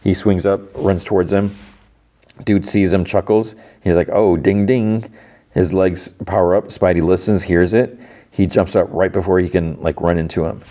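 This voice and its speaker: A man's voice: low voice, steady tone, moderate pace, mellow. A man hosting a podcast, casually recapping a cartoon episode in a loose, rambling way. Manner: rambling, lots of "like" and restarts. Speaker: podcast host.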